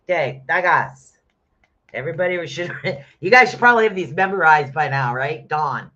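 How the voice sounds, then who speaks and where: A man's voice: fairly high pitch, expressive, normal speed, bright, forceful tone. Chatty middle-aged man reading runes. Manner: chatty, calls listeners honey. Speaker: rune reader. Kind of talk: casual live-stream reading. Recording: dull lo-fi sound.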